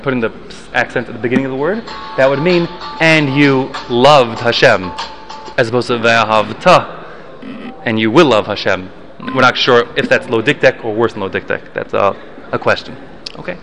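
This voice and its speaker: Man, Torah teacher, bright forceful tone, mid pitch, explanatory, self-correcting. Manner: explains Hebrew terms in English, with restarts and self-corrections. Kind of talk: Mishnah study class.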